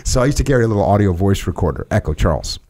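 A man's voice: on the low side, animated, very fast, dark tone. A middle-aged man hosting a podcast, telling stories in casual conversation and acting out what people said. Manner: storytelling, acts out quoted voices. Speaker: podcast host.

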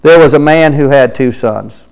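A man preaching a sermon, reading scripture aloud with rising emphasis and dropping to quiet asides between verses. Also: medium pitch, normal speed, creaky, smooth, rough recording. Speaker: pastor. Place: church sanctuary.

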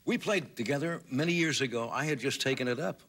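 A man's voice: mid-range voice, fast, a bit bright, husky. A man hosting a late-night television talk show, asking brief, dry questions.

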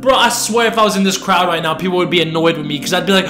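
Young man, high voice, gushing reaction commentary, echoey room. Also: very fast. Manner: excitable, gushing, slangy, swings from hushed to loud. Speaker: reaction video host. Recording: echoey room with music playing behind.

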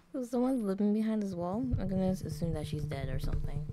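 A woman's voice: mid-range voice, fairly quick, mellow. A woman playing a visual novel who talks and jokes through it. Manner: playful, joking. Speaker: gameplay streamer. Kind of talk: casual gameplay commentary. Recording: game music underneath.

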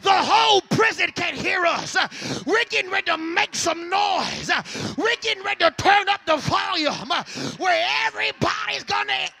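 Southern male preacher, very high voice, sharp and bright, shouting sermon, drops in "uh" constantly. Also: expressive, gravelly. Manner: shouting, fills pauses with "uh". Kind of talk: revival sermon.

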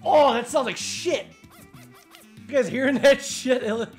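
A gaming streamer doing excitable let's play commentary, swearing a lot and laughing loudly. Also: sits high, measured pace, faint music behind.

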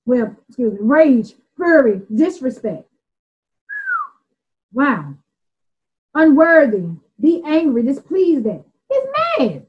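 A woman's voice: sits high, sing-song, takes it slowly, pauses often, lo-fi sound. A woman with a Southern US accent giving an informal Bible study, earnest and plainspoken, often repeating and restarting as she explains words. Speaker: Bible teacher.

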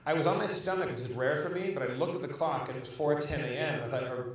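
A man's voice: fairly high pitch, fast, slight background noise. A man co-hosting a live comedy show, telling a long profane story and acting out the voices in it. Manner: profane, animated, acts out voices in his story. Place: live show in a large echoey venue. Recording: echoey venue audio, distant mic.

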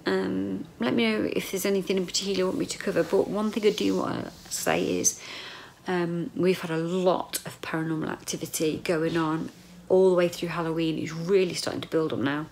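Middle-aged woman, own voice, home video diary; low, gravelly, emotional, slips into whispers. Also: steady tone, brisk, a little mellow, slight background noise. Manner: emotional, rambling, drifts into whispers. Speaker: vlogger. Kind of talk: casual personal video diary.

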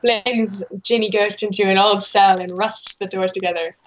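A woman's voice: mid-range voice, fairly even intonation, moderate pace, slight background noise, poor audio. Woman narrating a fanfic aloud. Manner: narrating actions, giggly asides. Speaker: fanfic reader. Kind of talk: casual read-aloud.

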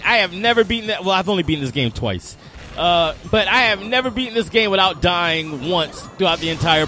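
A man's voice: high-pitched, pushed and bright. A man doing game commentary, rambling through explanations and swearing at the enemies on screen. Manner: swears and scolds the game's enemies; rambling, self-repeating explanations. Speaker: let's play host.

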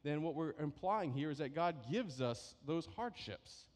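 Pastor preaching in an echoey hall. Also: male voice, a little high, animated, a little slow, darkish tone, a little hiss or hum. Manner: conversational, keeps asking "right?". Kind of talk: sermon. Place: church sanctuary.

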